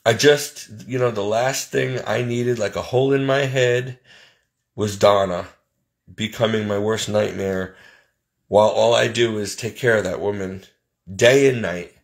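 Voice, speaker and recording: Here a man vlogs casually, airing his grievances to viewers in an exasperated, no-frills manner. The voice is on the low side, slightly slow, and touched with vocal fry.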